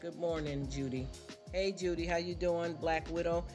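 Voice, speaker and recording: A man's voice: a little high, steady tone, normal speed. Preachy man ranting on a livestream. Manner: preachy, repeats himself, rhetorical questions. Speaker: livestream host. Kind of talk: casual livestream rant. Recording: livestream with music behind. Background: background music.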